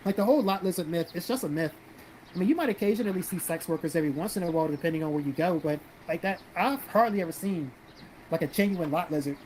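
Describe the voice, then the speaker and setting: South carolina guy streaming, reads chat out loud and swears a lot, blunt, kinda noisy mic with cars going by. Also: fairly high pitch, fast talker. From South Carolina, American South. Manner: blunt, profane, reads viewer comments aloud. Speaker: livestream host reading chat. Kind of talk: casual livestream chat.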